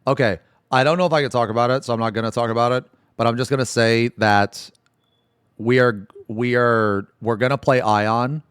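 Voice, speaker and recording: A man's voice: mid-range voice, fast, few pauses, a bit bright, smooth, no echo, studio quality. A man livestreaming, chatting casually with viewers in a rambling way, often laughing and swearing.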